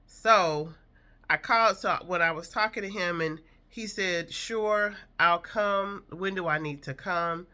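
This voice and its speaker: A woman's voice: on the low side, measured pace, sharp tone, clean tone. A woman in her fifties telling a personal story from her past in an earnest, reflective, emotional way.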